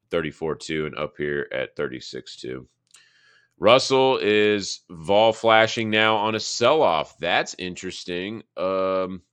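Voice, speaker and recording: A man with a very low, smooth voice talks through charts in a loose, rambling way. He sounds like he is thinking aloud on a live market stream, recorded dry and close. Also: fairly bright tone, dry recording. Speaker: market analysis host.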